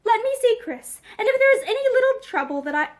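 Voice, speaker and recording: A woman reading aloud voices a gentle man who speaks slowly and earnestly, held back by feeling. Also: very high-pitched, sing-song, pitched above the performer's own voice. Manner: slow, labored, earnest. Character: plain-faced man, gentle and restrained.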